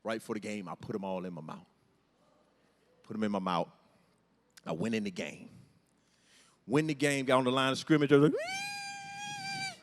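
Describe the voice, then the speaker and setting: A comedian telling a story on stage, animated and acting out the scenes and voices. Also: male voice, lowish voice, a little fast, pauses often. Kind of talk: stand-up storytelling. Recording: echoey hall with long reverb.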